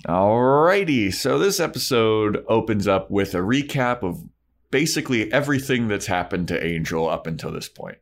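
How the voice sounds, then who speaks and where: A man co-hosting a laid-back podcast, talking in a low voice as he recaps a TV episode. He is loose and jokey, swears now and then, and slips into silly character voices. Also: sing-song, normal speed. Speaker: podcast co-host. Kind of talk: casual chat recapping a TV episode.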